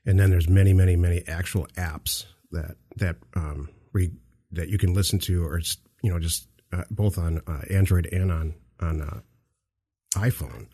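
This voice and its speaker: A man's voice: deep voice, fairly even intonation, moderate pace, warm tone, husky. A man hosting a podcast, chatting in a rambling, jokey way with many restarts. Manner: rambling, self-interrupting, jokey. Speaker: podcast host. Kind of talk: casual chat. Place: dark office.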